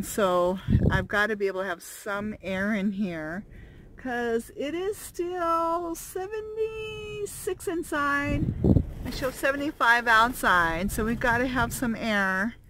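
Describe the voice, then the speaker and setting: A woman's voice: a little high, noisy background. A woman vlogging from inside her van, chatting casually with frequent fillers and little laughs. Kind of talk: casual vlog chat.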